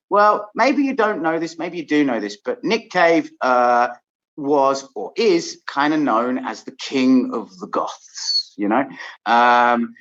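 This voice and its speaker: An English man hosting a casual chat, telling stories in a lively way and laughing often. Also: medium pitch. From England. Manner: lively storytelling with frequent laughs. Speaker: host. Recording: dull lo-fi sound.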